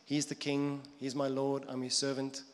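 A man's voice: medium pitch, completely flat delivery, moderate pace, in a large hall. A man preaching a sermon in a conversational way, now and then acting out quoted voices.

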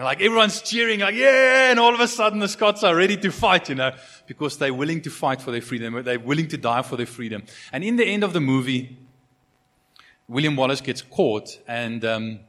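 A man's voice: mid-range voice, fairly bright tone. Guy preaching, super conversational, lots of "you know" and restarts. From South Africa. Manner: conversational, many fillers and repeated starts. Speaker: pastor. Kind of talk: sermon.

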